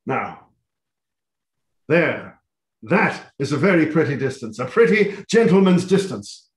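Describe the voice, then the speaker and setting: A man's voice: on the high side, big pitch swings, a little slow. A man reading a part aloud in a live play reading, confident and bantering. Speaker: volunteer reader playing Sir Lucius. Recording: echoey room.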